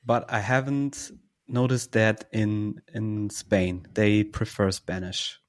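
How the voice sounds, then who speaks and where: Halting man, lowish voice. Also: little pitch movement. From Germany. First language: German. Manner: halting, searching for words. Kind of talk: casual podcast conversation.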